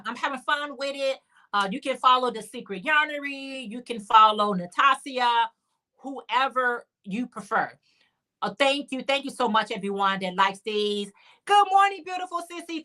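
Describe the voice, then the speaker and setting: Bright-voiced woman chatting on a livestream. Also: a little high. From Chicago area. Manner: chatty, reads out and answers viewer comments. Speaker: livestream host. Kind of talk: casual crochet livestream chat.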